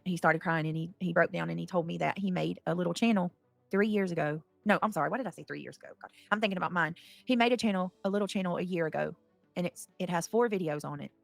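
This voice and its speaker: A woman, talking on a livestream in a rambling way that swings into loud, angry outbursts. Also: on the low side, creaky, no room sound. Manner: rambling, repeats herself, grows angry and loud. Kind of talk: emotional livestream rant.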